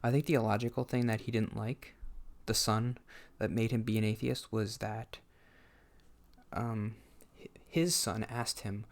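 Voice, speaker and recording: A man thinks aloud while he plays a game on a desk mic. His voice sits fairly low and has a gravelly fry. He talks haltingly and often circles back to restart a thought. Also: little pitch movement. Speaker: gameplay commentator. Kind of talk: casual talk while playing a game.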